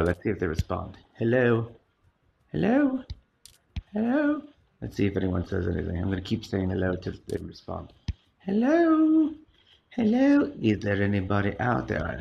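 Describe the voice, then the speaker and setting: A man chats casually as a livestream host, greeting viewers again and again. His voice sits low with a gravelly edge. The sound is dull and lo-fi, with a faint hiss behind it. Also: a bit bright. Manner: chatty, greets viewers repeatedly, sings high hellos.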